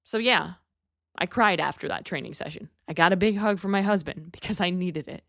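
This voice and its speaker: A woman's voice: fairly low pitch, fairly quick, vocal fry, fairly bright tone, no room sound, clean studio sound. A young adult woman hosting a podcast, giving a candid, earnest motivational monologue and swearing casually. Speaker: podcast host.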